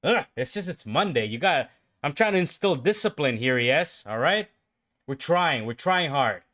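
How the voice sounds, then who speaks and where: A man's voice: fairly high pitch, normal speed. Man streaming live trading commentary. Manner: self-talking, pumped up, swings from calm explaining to excited outbursts. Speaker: livestream day trader.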